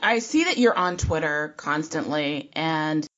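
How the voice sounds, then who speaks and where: A woman's voice: deep voice, lively intonation, a little slow, a bit bright, lo-fi sound. A woman co-host interviewing a guest in a casual, encouraging way.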